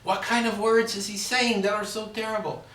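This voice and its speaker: A man's voice: sits high, little pitch movement, moderate pace, a bit bright, voice pushed up. A man voicing a doting, nosy older mother who fusses over her daughter with repeated endearments. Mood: fussing, coaxing. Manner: pleading, fussy, repeats endearments. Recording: roomy echo, far from the mic.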